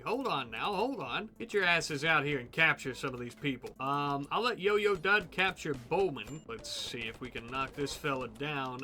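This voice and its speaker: A man hosts a let's play in a bright, forward voice, giving casual, joking commentary as he plays. He sits a little high in pitch, and his delivery swings widely up and down as he talks to the characters on screen.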